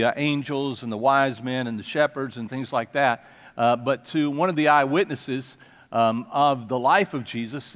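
A man's voice: mid-range voice, a bit bright. Guy preaching a chatty sermon, asks the crowd stuff, churchy hall reverb behind his voice. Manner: conversational, asks the congregation questions. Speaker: pastor. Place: church sanctuary.

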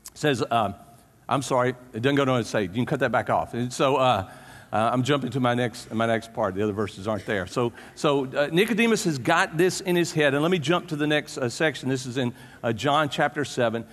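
A man preaching a casual, conversational sermon, retelling the story in an animated way and often restarting his sentences. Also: medium pitch. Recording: long hall reverb.

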